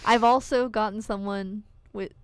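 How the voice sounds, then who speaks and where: Woman co-host for casual radio chat, smooth clear voice, dry close mic, keeps things on track. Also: mid-range voice, fairly even intonation, normal speed, no echo. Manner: chatty, steering the talk back on track.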